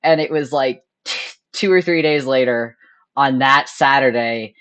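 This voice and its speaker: A young woman hosting a charity stream, telling a story in casual chat, animated and laughing often as she acts out her own thoughts. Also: extremely low pitch, measured pace.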